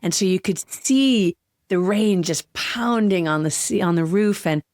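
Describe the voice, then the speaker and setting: A woman's voice: medium pitch, measured pace, dry recording. Heartfelt woman podcast host, dry sound. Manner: heartfelt, candid, gently emotional. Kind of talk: solo podcast talk.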